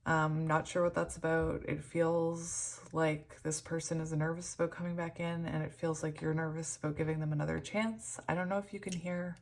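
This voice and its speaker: A woman giving a pick-a-card tarot reading, emotional and hesitant, shaky and close to tears, with many pauses and ums. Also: low-pitched, flat delivery, gravelly. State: shaky and tearful. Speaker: tarot reader.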